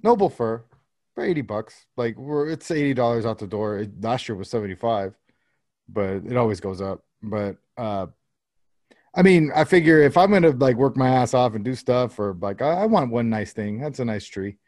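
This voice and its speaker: A man's voice: mid-range voice, animated, moderate pace, darkish tone, dry recording, studio quality. A man, likely in his thirties, telling a rambling, profane story about his kids in casual chat. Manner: rambling, profane anecdote-telling with quoted dialogue.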